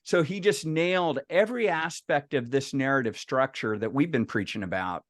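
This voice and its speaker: A man's voice: mid-range voice, moderate pace, dry recording, clean studio sound. A middle-aged man telling a folksy personal story to a professional group, acting out the dialogue with frequent restarts. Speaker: speaker at a professional meeting. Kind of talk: personal anecdote told to a group.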